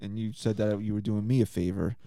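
A man's voice: lowish voice, fairly even intonation, brisk, dark tone, dry recording. A man co-hosting a casual podcast, teasing and exasperated, swearing often as he ribs his friends. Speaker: podcast co-host.

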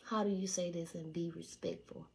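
A woman's voice: lowish voice, fairly even intonation, normal speed. Blunt, profane woman in her twenties. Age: 20s. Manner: swings between hushed asides and loud outbursts. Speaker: livestreamer. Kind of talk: casual storytelling to a live audience.

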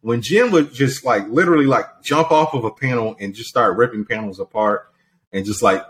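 Male podcast co-host, mid-pitched, casual and rambling, lots of ums. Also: fairly quick, fairly bright tone. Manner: rambling, many fillers, retells scenes with quoted lines. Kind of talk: casual chat.

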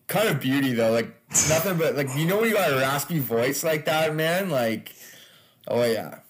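A man's voice: a little high, animated, normal speed. A man, a stand-up comedian, chatting casually as a podcast guest, loose and laughing, with frequent swearing.

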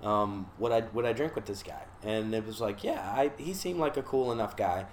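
A man's voice: on the low side, normal speed, slight background noise. A man from Charleston, South Carolina, casually telling a long story about his time in rehab. He swears freely and slips into voices for the people he quotes. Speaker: guest recounting his rehab stay.

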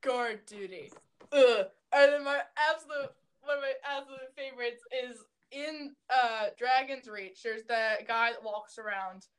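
A woman's voice: sits high, fairly even intonation, a little slow, few pauses, smooth. A young woman co-hosting a casual chat with friends, rambling and giggling as she corrects herself.

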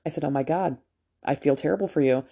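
A woman's voice: low voice, fast, dark tone, husky. Woman, about 40, nurse; casual profane storyteller, just back from a procedure. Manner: candid, profane, chatty. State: just out of anesthesia after a procedure.

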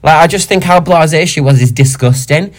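A man co-hosting a podcast, ranting in an indignant, animated, sweary way. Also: a little high, brisk. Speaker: podcast co-host. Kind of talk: casual chat rant.

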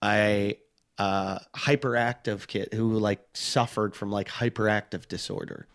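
A middle-aged man with a fairly low voice tells a long, rambling story in relaxed conversation. He mocks himself and slips into the voices of the people he quotes. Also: unhurried. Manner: rambling, self-mocking, acts out quoted voices. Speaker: touring stand-up comic, podcast guest. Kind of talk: casual storytelling chat.

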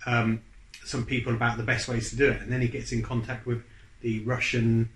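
A man's voice: mid-range voice, monotone, fairly bright tone. A man chatting casually as a podcast co-host, rambling and restarting his sentences. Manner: rambling, halting with restarts and fillers. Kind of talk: casual chat. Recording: echoey room.

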